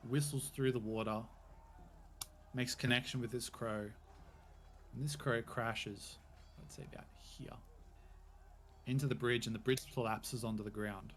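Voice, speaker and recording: A man's voice: medium pitch, fairly even intonation, unhurried, pauses often, a little hiss or hum. A man narrating as game master, with loose, rambling descriptions full of hedging fillers.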